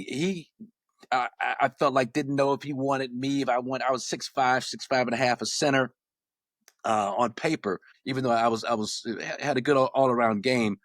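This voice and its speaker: A man in his sixties from Los Angeles, a former basketball player telling stories as a podcast guest, animated and often repeating words as he restarts. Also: medium pitch, dry recording, clean studio sound. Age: 60s. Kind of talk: casual storytelling.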